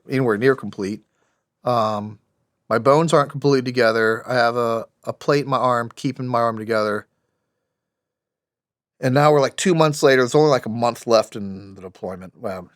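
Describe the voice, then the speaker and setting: A man's voice: medium pitch, dry recording, studio quality. A middle-aged former soldier from the United States, a podcast guest telling his story candidly with many restarts and fillers. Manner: halting, with frequent restarts and fillers. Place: podcast studio.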